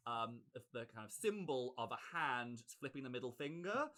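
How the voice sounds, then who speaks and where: A man's voice: mid-range voice, expressive, moderate pace, bright, forceful tone. A man narrating as game master of a tabletop role-playing game, casual and full of ums and likes. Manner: casual, many ums and likes, laughs often.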